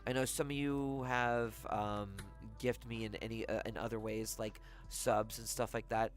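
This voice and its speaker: A livestreamer in casual chat with viewers, talking softly and haltingly with many pauses, sounding heartfelt. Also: medium pitch, little pitch movement, faint music behind. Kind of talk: casual chat to a live audience.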